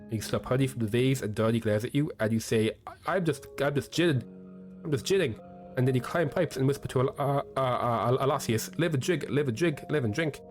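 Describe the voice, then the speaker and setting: A man's voice: medium pitch, brisk, faint music behind, lightly acted. A man voicing a playful, odd young male scholar from a video game, telling rambling whimsical stories.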